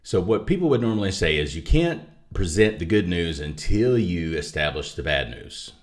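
A man's voice: low voice, sing-song, moderate pace. A man, an author discussing his book, who talks thoughtfully with restarts and asides. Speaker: author and guest. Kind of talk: conversational theology discussion.

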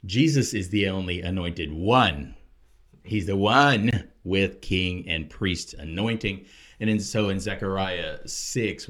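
Deep-voiced man explaining scripture. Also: a bit bright. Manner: explanatory, rising to emphatic preaching on key points. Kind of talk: casual Bible discussion.

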